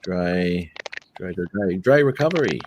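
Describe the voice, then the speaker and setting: A man's voice: deep voice, animated, measured pace, a little hiss or hum. A man hosting a casual live chat, laughing often and swearing lightly. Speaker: host.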